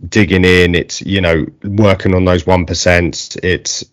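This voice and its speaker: A man with an Essex accent hosting a casual interview, chatty and relaxed with plenty of fillers. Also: low voice, measured pace, no echo, clean studio sound. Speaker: podcast host.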